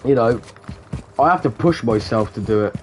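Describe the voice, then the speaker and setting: A man's voice: mid-range voice, lively intonation, moderate pace. A man talking casually and rambling while he plays a shooter, swearing often and calling his viewers "guys". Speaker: gamer streamer. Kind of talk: casual chat while gaming.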